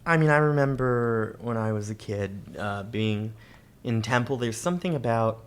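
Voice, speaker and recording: A man guesting on a podcast, speaking reflectively in halting, searching phrases. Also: medium pitch. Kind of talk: casual chat.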